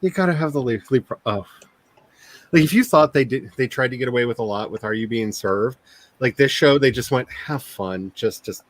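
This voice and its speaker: This man speaks at a moderate pace with a medium pitch while running his writing stream. His casual chatter is lively and effusive, punctuated by frequent laughter.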